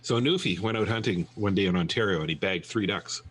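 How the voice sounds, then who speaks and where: Low husky joke-telling man. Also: a bit bright. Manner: storytelling, halting restarts. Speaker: podcast co-host. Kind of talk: casual joke-telling chat.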